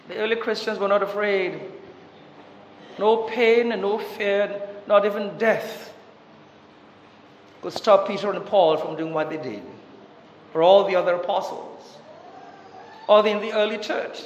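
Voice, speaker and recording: A man preaching a Catholic sermon with passion, asking rhetorical questions and swinging between loud urgency and hushed tones. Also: sits high, steady tone, a little slow, long pauses, slight background noise. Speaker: Catholic priest. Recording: echoey church with long reverb.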